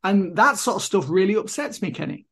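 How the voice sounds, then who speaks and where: A man co-hosts a casual wrestling podcast, giving opinionated takes that ramble through lots of "I mean". His voice sits somewhat higher than most men's. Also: animated, brisk, fairly bright tone, breathy edge. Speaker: podcast co-host.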